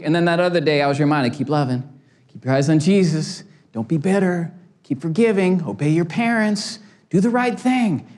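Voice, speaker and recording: A man's voice: high-pitched, a little mellow. A man in his forties, a pastor preaching a sermon with passion and humorous stories. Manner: impassioned, storytelling with humor.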